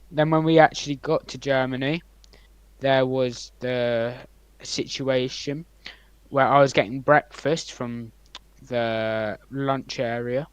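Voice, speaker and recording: A young man co-hosting a podcast, rambling through anecdotes with many ums and likes and swinging between loud and quiet. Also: mid-range voice, smooth, dry recording, rough recording. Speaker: podcast co-host. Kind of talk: casual storytelling chat.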